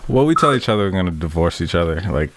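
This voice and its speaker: Laid-back man, low voice, lively pitch. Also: fast. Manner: laid-back, rambling, laughs often. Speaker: podcast co-host. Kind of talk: casual chat. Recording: noisy background.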